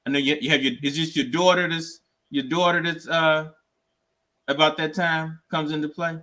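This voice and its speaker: A middle-aged male podcast host interviews his guest in a relaxed conversational way. He keeps the guest going with small affirmations. His voice is fairly high for a man. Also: moderate pace. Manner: supportive, many small affirmations.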